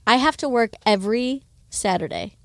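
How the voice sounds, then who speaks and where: A woman joins a relaxed conversation with friends and teases them freely. Her voice sits slightly high and is very lively in pitch. The recording is dry and close. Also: dry recording. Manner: teasing, quick to laugh. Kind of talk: casual chat.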